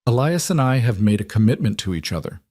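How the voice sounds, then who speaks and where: A man's voice: fairly low pitch, sing-song, fast talker, darkish tone, dry recording, studio quality. A man doing a defiant young widow. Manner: firm, defiant.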